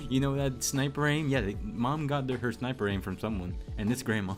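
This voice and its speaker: A man's voice: mid-range voice, normal speed, faint music behind. A man from Puerto Rico hosting a casual group chat, laughing often and cutting in. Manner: laughs often, talks over others. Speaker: podcast host.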